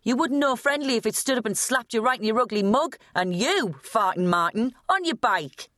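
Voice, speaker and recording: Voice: mid-range voice, expressive, normal speed, fairly bright tone, dry recording, clean studio sound, voice pushed up, lightly acted. A narrator voicing a foul-mouthed, angry teenage girl in an audiobook who snarls insults. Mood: snarling.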